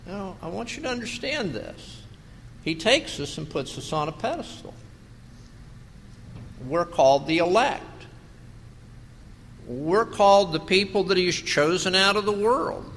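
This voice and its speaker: A pastor preaching a sermon, slow and emphatic, asking his congregation rhetorical questions. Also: high voice, expressive, fairly bright tone, big-room sound, a little hiss or hum.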